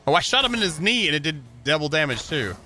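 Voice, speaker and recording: Chatty young man, bright lively voice. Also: on the high side, quick pace, soft background music. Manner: chatty, stumbles and restarts, playful. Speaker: co-player. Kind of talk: casual gameplay chat.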